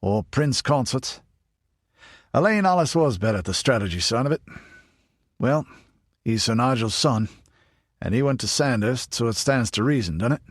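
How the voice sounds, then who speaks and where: A man voicing a big, burly, older ranger, gruff and teasing. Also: mid-range voice, expressive, moderate pace, pauses often, dry recording, clean studio sound, pitched above the performer's own voice, close to an everyday voice.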